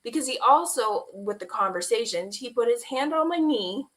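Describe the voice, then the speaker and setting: Woman with a high bright voice telling her story all worked up, acts out everyone's lines. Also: normal speed. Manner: animated retelling with quoted dialogue, laughing and near tears. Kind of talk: emotional personal storytelling. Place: online stream.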